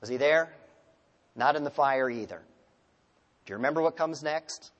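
A male pastor preaching a sermon. He tells stories and asks the congregation rhetorical questions, moving between loud emphasis and hushed, quiet phrases. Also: medium pitch, normal speed, in a large hall.

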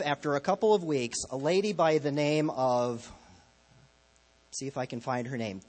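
A man's voice: fairly high pitch, breathy edge. A man preaching a sermon as a pastor, telling stories in a conversational, lightly humorous way.

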